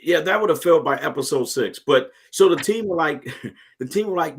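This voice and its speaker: A middle-aged man, a retired Marine, talking in a casual interview with earnest, animated storytelling and frequent restarts. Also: on the high side, brisk, slightly rough. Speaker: guest, retired Marine and podcast host.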